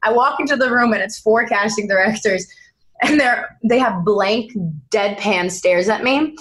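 Young actress guest chatting away, lively storyteller, does little voices for people. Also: female voice, a little high, measured pace, low-quality recording. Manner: animated storyteller, acts out quoted voices. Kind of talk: casual interview chat.

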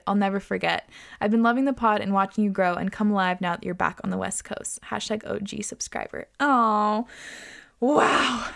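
Woman host reading listener letters, lively and swearing, laughs often, mid-range voice. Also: mid-range voice. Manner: animated, expressive, swears often, laughs a lot. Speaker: podcast host. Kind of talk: reading listener stories, casual chat.

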